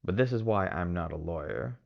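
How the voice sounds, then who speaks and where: A man with a very low voice and a gravelly, fry-heavy edge talks through a solo podcast in a rambling, casual way. He is from Texas and hedges constantly with fillers. The recording sounds a little muffled and dull. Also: animated, fairly quick. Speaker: podcast host.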